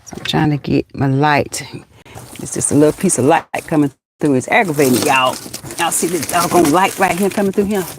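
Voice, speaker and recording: A woman's voice: low voice, brisk, slight background noise. Folksy Southern woman chatting in a car. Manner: chatty, folksy, calls viewers honey and child. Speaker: livestream host. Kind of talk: casual live chat. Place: inside a parked car.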